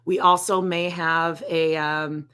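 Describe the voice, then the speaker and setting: A woman co-hosting a podcast, telling stories in a relaxed, self-deprecating way. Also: low-pitched, slow, clean tone. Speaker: podcast co-host. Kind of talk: casual chat.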